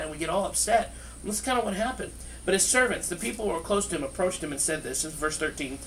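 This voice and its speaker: A man, a pastor, teaching from the Bible in a relaxed, conversational way, full of fillers and restarts, filmed outdoors by a street. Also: fairly high pitch, fast. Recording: distant mic, faint outdoor noise.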